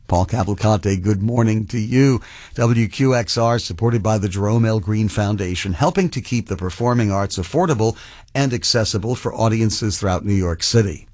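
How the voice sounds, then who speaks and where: Male classical radio host, low voice, dry studio sound, measured. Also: darkish tone, dry recording. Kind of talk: announcing pieces and sponsor messages. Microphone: studio microphone.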